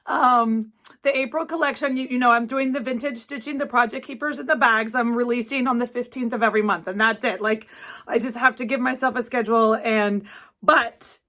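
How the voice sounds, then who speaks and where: A woman, chatting through an unboxing with gushing, gasping delight and halting restarts. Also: high voice, sharp tone. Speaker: crafting vlogger. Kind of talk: excited unboxing chat.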